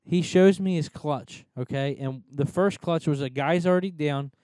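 A young man co-hosting a podcast, teasing and arguing in excitable, casual banter. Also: fairly high pitch, normal speed, no echo. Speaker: podcast co-host.

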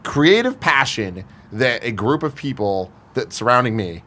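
Speaking a bit slowly at a medium pitch, this young man spins a story during a relaxed podcast chat with friends. His telling is profane and lively, and he performs the voices of the people he quotes.

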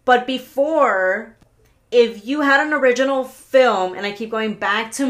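A woman hosting a solo podcast, talking in an excitable, rambling way, swearing often, stopping herself and restarting, pacing as she talks. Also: on the high side, unhurried. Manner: paces around while talking. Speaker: podcast host. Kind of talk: casual solo podcast rant.

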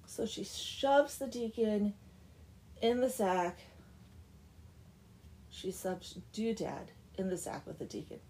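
A woman's voice: medium pitch, expressive, slow, long pauses, warm tone, a little hiss or hum. A young woman casually retelling a folk tale with chatty, sarcastic asides. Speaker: storyteller. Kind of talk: casual comic story retelling.

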